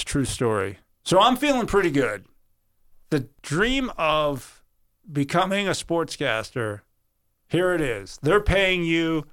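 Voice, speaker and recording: Brief: middle-aged man, earnest interview storyteller, voice a touch high. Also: clear, resonant tone. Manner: earnest, animated storyteller who acts out quoted voices. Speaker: sportscaster guest.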